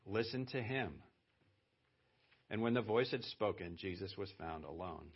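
A male pastor with a low, husky voice delivers a sermon in a relaxed, conversational way and leans hard on key phrases when he wants to stress them. The church recording sounds dull and lo-fi, with the top end rolled off. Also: measured pace.

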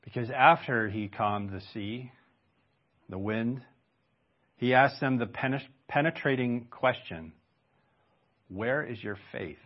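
A man's voice: medium pitch, slow, pauses often, dull audio. A man preaching a sermon in a conversational way, stopping for rhetorical questions and asides. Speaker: pastor.

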